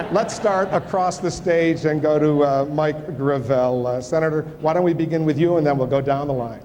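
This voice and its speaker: A man's voice: on the high side, noisy background. Male debate moderator, formal with dry wit, reverberant hall sound. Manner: measured, dry humor, frequent "uh" fillers. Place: large debate hall with audience.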